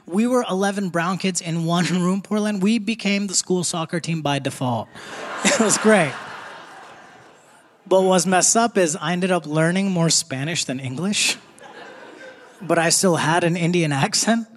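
A man's voice: high voice, unhurried, big-room sound. A young man doing a stand-up set, punchy and conversational, laughing through his jokes. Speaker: stand-up comedian. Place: theater stage before a live audience. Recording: live theater crowd noise.

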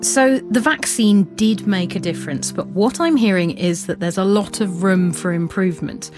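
A woman hosting and narrating a podcast, reading her script in a clear, composed way. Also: medium pitch, normal speed, over music.

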